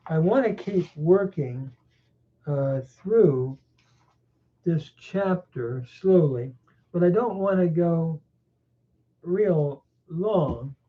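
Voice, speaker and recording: A man teaching a Bible chapter verse by verse, reflective and unhurried, pausing often with small fillers. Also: fairly high pitch, animated. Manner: reflective, with frequent pauses and fillers. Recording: tinny phone-like sound.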